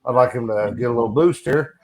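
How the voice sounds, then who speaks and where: A podcast host man, easygoing and chatty, steering the guest and the crew. His voice is middle pitched and ordinary. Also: fast. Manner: loose, chatty, drops fillers. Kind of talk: casual podcast chat.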